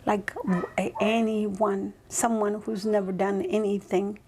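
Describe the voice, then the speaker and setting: A woman's voice: mid-range voice, level tone, measured pace, a little mellow, slight background noise. A woman guest on a podcast telling a personal story in a reflective, rambling way, often checking in with "right?". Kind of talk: casual interview storytelling.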